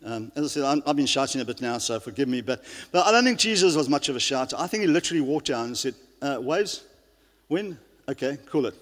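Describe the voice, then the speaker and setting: A man's voice: medium pitch, expressive, fast talker, few pauses, fairly bright tone. A male pastor giving an earnest sermon, often restarting his sentences and using fillers. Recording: long reverb of a large hall.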